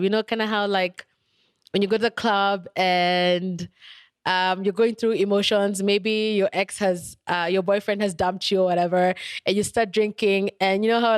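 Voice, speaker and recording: A young woman talks candidly and thoughtfully as she hosts her podcast, her voice smooth and clean. She wanders through stories with easy "likes" and "ums". The sound is dry and close, with no room around it. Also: mid-range voice, no room sound. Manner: candid, thoughtful, with frequent "like" and "um" fillers. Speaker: podcast host. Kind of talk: reflective personal storytelling.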